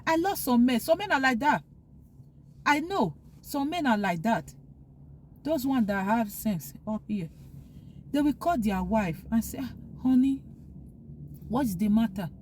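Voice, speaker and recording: A woman's voice: on the high side, big pitch swings, a little slow, pauses often, slight background noise. A woman vlogger talking earnestly, giving heartfelt advice and repeating her points for emphasis. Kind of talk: casual opinion monologue.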